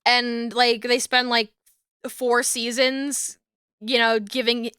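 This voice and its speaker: A woman's voice: fairly high pitch, level tone, takes it slowly, bright, forceful tone, smooth, no echo, clean studio sound. A young adult woman streamer chatting casually, rambling, swearing freely and laughing often. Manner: giggly, profane, rambling.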